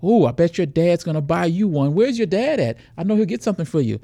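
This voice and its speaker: A man acting out a pushy male predator who flatters and then needles, in a raised, animated voice. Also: sits high, fast, vocal fry, no room sound, voice pushed up, full character voice. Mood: sweet-talking. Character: pushy smooth-talking adult male predator.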